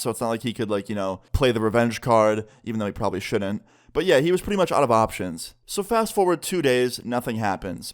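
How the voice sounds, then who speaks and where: A young man casually telling a storytime tale to the camera, chatty and often ending lines with "okay?". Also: medium pitch. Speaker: YouTuber. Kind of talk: storytime narration.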